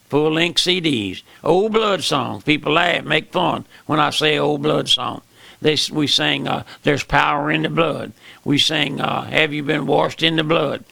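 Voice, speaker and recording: An elderly radio preacher in his eighties delivers a fervent sermon in a heavily gravelly, bright voice. His throat is going hoarse as he repeats key words and keeps calling out to "my friend". The sound is dry and close. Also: a little high, no room sound. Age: 80s. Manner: fervent, repetitive, calls listeners "my friend". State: losing his voice, frog in throat.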